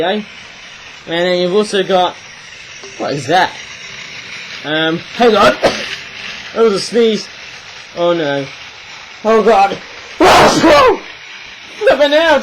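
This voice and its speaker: A man's voice: fairly high pitch, slight background noise, rough recording. A man casually reviewing toys, rambling and chatty, often tagging his sentences with "eh?". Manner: rambling, chatty, frequent "eh?" tags. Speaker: toy reviewer.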